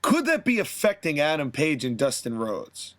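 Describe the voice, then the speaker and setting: Brief: male podcast host, high voice, animated storyteller. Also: moderate pace. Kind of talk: fantasy booking narration and chat.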